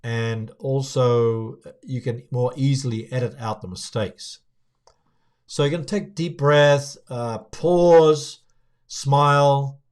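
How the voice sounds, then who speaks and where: A young man coaching viewers on speaking to camera, talking in a relaxed, conversational way with frequent fillers and restarts. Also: medium pitch. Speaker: video coach. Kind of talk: casual on-camera tutorial.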